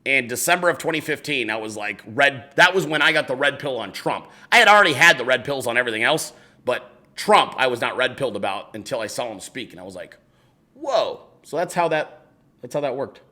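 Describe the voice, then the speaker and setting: A man's voice: mid-range voice, lively intonation, fast, pushed and bright. A man hosting a casual chat show, reading viewer emails aloud and answering them in a loose, profane, laughing way.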